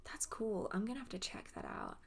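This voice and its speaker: This young woman with a southern English accent runs a live witchcraft Q&A, answering viewers casually. Her medium-pitched voice swoops wildly, is a little fast, slightly rough and whispered, with vocal fry, and her chatty answers ramble off on tangents.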